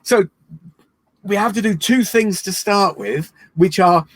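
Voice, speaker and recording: A man leading an online laughter yoga session, playful and encouraging, breaking into laughs and shouts. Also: high voice, a little slow, no echo. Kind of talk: guided online laughter exercise. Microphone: video call.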